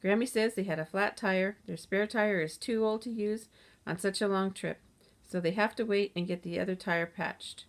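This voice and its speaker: A woman's voice: mid-range voice, normal speed, natural voice. A woman voicing a bossy, dismissive older sister in a children's story, with a curt, scornful way of talking. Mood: grim.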